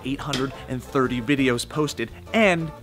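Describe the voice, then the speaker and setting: A man's voice: mid-range voice, a little slow. A man hosting a casual comedic web show, playful and a bit boastful. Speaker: show host. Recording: music playing behind.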